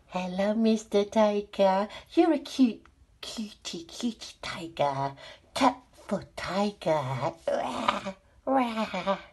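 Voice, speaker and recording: A woman's voice: mid-range voice, animated, takes it slowly, darkish tone, slightly rough. A woman voicing a cheerful, curious little male toy friend in a children's alphabet sing-along, talking in a sing-song way and gasping with delight.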